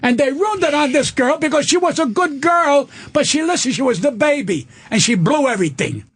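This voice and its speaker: An older man, a comedian guest in a radio studio, ranting loudly and profanely and acting out the people in his stories. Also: very high-pitched, animated. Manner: loud, profane, rapid-fire storytelling with acted-out quotes. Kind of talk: angry radio rant and storytelling.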